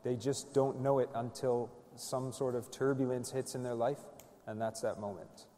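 A man on a panel talking in a relaxed, joking way. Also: medium pitch, moderate pace. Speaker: panel guest. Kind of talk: casual talk. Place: conference hall. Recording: long reverb of a conference hall.

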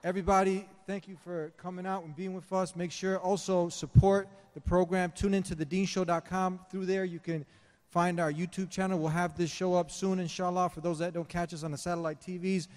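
A man's voice: high-pitched, level tone, fairly quick, darkish tone. Guy hosting live at a conference, upbeat sign-off, long hall echo. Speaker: host. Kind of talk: live talk show hosting.

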